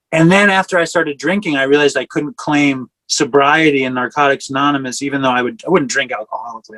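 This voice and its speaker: A man's voice: mid-range voice, fairly bright tone, no room sound, low-quality recording. A man in his forties telling a candid personal recovery story over a video call, rambling with fillers and self-corrections. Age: 40s. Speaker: speaker sharing a recovery story.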